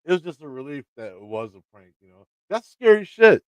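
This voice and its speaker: A man's voice: medium pitch, lively intonation, fast talker, a little mellow, dry recording. A man with a Midwestern American accent hosting a livestream, telling a story in a rambling, casual way, swearing often and laughing. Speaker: channel host talking to live chat.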